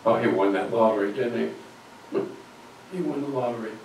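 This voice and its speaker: A man's voice: mid-range voice, normal speed, creaky, darkish tone, slight background noise. Guy preaching a bible story, drops almost to a whisper, very echoey church, far from the mic. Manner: acts out quoted voices, drops to near whispers. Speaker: guest speaker. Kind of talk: storytelling sermon. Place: church sanctuary.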